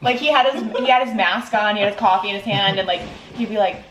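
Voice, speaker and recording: A woman's voice: mid-range voice, quick pace, a bit bright. A young woman podcast host telling a personal story in a casual, chatty way, with lots of "like" fillers. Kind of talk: casual chat. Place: indoors in Hawaii. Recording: roomy echo with faint noise.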